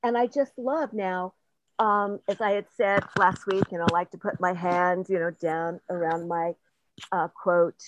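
A woman's voice: on the low side, no room sound. An older woman sharing her personal experiences in a casual, rambling, earnest way, sometimes laughing at herself. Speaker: participant sharing in a group session. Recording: dull lo-fi audio, dry.

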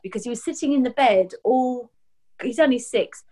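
Brit lady in her 60s on a video call, bit high voice, chatty and rambly, does little voices for people. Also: normal speed. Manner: lively, rambling, acts out quotes in voices. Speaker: massage therapist and guest. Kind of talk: casual storytelling chat.

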